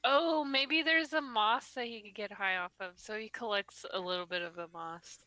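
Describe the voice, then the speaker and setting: A woman's voice: mid-range voice, moderate pace, pushed and bright, no echo, rough recording. A woman playing a tabletop game, asking the game master curious questions. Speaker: player. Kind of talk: casual game chat.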